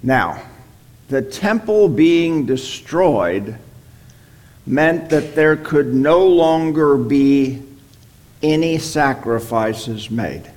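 A man's voice: fairly high pitch, animated, darkish tone. A man teaching a Bible study, explaining a passage verse by verse and often checking in with "okay?". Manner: slow, deliberate, checks in with "okay?".

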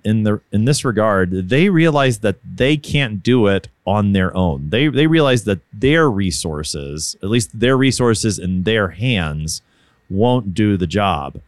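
Low-voiced thoughtful man, dry sound. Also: very animated, takes it slowly, no room sound. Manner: thoughtful, hesitant, with many restarts and light laughs. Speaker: co-host of a Bible discussion. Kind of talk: casual scripture discussion.

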